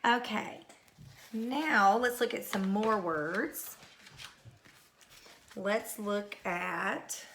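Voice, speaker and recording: A woman's voice: medium pitch, extremely slow, pauses often, a bit bright, a little hiss or hum. A woman teacher giving a recorded phonics lesson to young pupils, patiently repeating each word. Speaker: third grade teacher.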